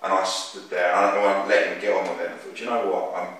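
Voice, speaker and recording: A man, a football manager talking in a measured, reflective way with some hesitations, recorded from a distance in an echoey room. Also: sits low, flat delivery, fairly bright tone. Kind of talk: casual chat.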